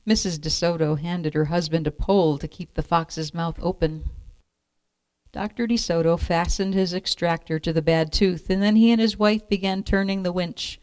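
A woman reading a children's picture book aloud in a clear, measured storytelling manner. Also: on the low side, fairly even intonation, darkish tone, no room sound.

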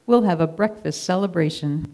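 A storyteller voicing a kind, tired shepherd and father who calls to his sons in a calm, steady way. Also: mid-range voice, normal speed, close to an everyday voice.

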